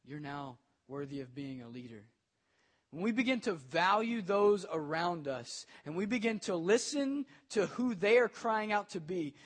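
A young adult man preaching a sermon, telling a personal story with lively swings between quiet and loud. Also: sits high. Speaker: pastor.

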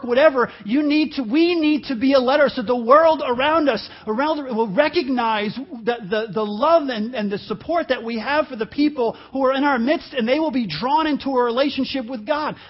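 A man preaching a sermon as pastor, telling a personal story in a halting way, dropping to quiet asides and rising to loud emphasis. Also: very high-pitched, muffled recording. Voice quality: halting, self-interrupting delivery with laughs.

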